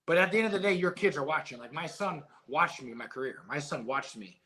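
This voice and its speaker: A middle-aged man, a former boxer being interviewed, who tells stories in a casual, animated and emotional way and swears freely. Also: a little high, quick pace. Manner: emotional, animated storytelling with profanity. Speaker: guest, former heavyweight boxer.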